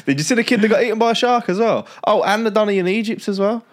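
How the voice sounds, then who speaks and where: A man's voice: high voice, fast. A young man co-hosting a casual comedy podcast, chatting, swearing and laughing often. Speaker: podcast co-host. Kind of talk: casual banter.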